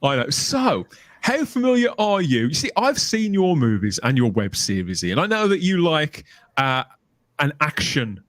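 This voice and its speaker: A man's voice: a little high, big pitch swings, normal speed, fairly bright tone, no echo. A middle-aged man with a Birmingham accent, hosting a casual live-stream chat in a jokey, chatty way. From England. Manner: chatty, jokey, reads out viewer names. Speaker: host.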